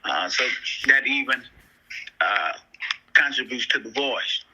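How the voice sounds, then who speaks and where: A man joining a talk show as a guest, speaking in a measured way, quoting scripture and stumbling on some words. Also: mid-range voice, expressive, pushed and bright, breathy edge, low-quality recording. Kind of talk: casual chat.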